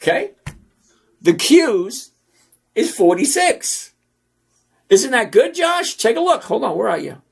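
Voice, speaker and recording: A middle-aged man hosting a stock trading channel, walking through numbers on screen in a casual, teasing, sarcastic way and repeating points slowly for emphasis. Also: very high voice, big pitch swings, vocal fry, husky.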